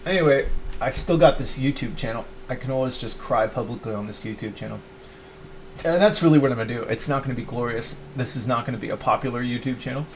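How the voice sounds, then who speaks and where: A man's voice: medium pitch, quick pace. A middle-aged man rambling to camera in a confessional, self-pitying monologue, his talk full of "like" and restarts. He drops into mock voices when quoting himself. Faint background noise sits under his voice. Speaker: YouTuber.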